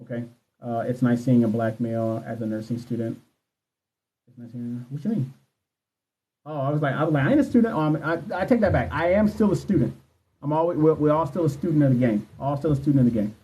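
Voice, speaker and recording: A man in his 30s with a dark, mid-range voice talks a little fast on a dull phone livestream. A nursing exam coach, he chats casually and answers viewer questions, speaking candidly, cursing, and addressing viewers directly.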